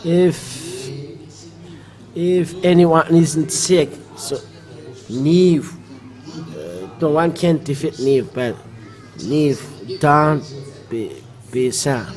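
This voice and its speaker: A man preaching a live church sermon, halting with many fillers and restarts. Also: on the high side, darkish tone, soft background music, rough recording.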